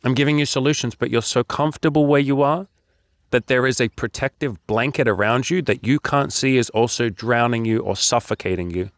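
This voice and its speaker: A man's voice: medium pitch, a little fast, no room sound, clean studio sound. A man talking as a life coach, blunt, profane and preachy as he lectures his viewers. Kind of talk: direct-to-camera coaching talk.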